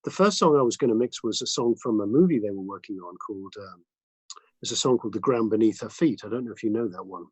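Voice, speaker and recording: A man, a mixing engineer, telling studio anecdotes as a guest in a casual interview, lively and full of restarts. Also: fairly low pitch, fast, slightly rough, dry recording, low-quality recording. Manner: animated anecdotes with many restarts and fillers.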